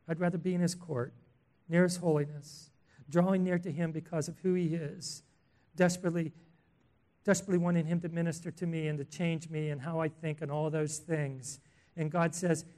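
Guy preaching a sermon, bit higher voice, earnest and emphatic, lots of questions. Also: fairly even intonation, a little fast. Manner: earnest, emphatic, with rhetorical questions and swells in loudness.

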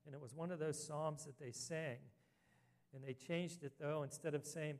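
A man's voice: fairly high pitch, steady tone, normal speed, a little mellow. Man preaching an earnest sermon. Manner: earnest preaching, rising to emphatic scripture reading. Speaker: pastor.

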